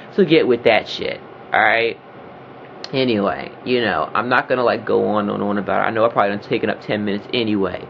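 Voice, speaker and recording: A man talking in a casual vlog rant, animated and profane, often getting loud and heated. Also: medium pitch, dull audio, a little hiss or hum. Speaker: video blogger.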